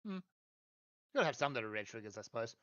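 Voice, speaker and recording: A man's voice: mid-range voice, big pitch swings, very fast, fairly bright tone. A man co-hosting a podcast, chiming in with short wry remarks. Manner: brief wry interjections. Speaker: podcast co-host. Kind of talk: casual chat. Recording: dull lo-fi mic.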